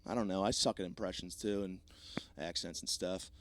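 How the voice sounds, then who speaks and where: A man's voice: low-pitched, steady tone, moderate pace, no room sound. A man in his thirties hosting a solo comedy podcast, ranting in a profane, rambling, self-mocking way with a slightly sore voice. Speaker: podcast host.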